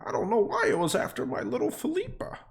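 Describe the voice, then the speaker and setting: A man's voice: wildly swooping pitch, fast, vocal fry, heavily acted. A man voicing a gushing, flustered woman who dotes on her cat, in a tabletop game. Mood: sweet. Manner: shrill, breathless and fussy.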